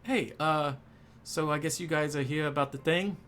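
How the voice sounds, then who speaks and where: A man's voice: on the high side, moderate pace, fairly bright tone, pitched above the performer's own voice, lightly acted. A man doing a tough little cat bartender. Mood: conspiratorial. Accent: New York.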